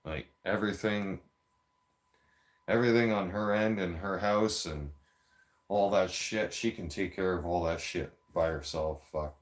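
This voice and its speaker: A man's voice: sits low, fairly even intonation, unhurried. A man telling a story in a heated, profane, rambling rant with frequent restarts, a few beers in. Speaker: vlogger.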